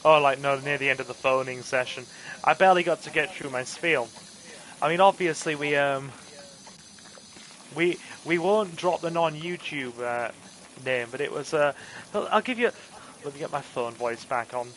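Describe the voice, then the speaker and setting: A man's voice: on the high side, moderate pace, a bit bright, a little hiss or hum, poor audio. A man chatting earnestly while playing a game, ranting about politics with frequent restarts. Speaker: gaming channel host and campaign volunteer.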